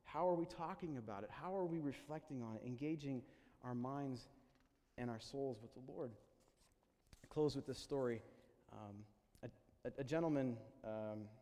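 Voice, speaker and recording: A male pastor delivers a sermon in an earnest, halting way, repeating words as he restarts. His voice sits in an ordinary middle register. A long reverb from the church hall trails behind every phrase. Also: mid-range voice, dark tone.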